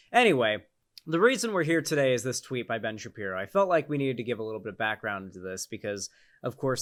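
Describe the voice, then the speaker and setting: A man giving casual, sarcastic commentary, rambling with restarts and filler words. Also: medium pitch. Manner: sarcastic, exasperated. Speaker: political commentary YouTuber.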